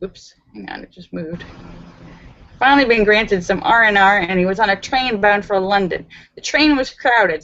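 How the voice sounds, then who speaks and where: A woman's voice: mid-range voice, no room sound. A woman hosting a live stream, reading out viewer jokes and laughing at the punchlines. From Los Angeles. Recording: dull, dry home recording.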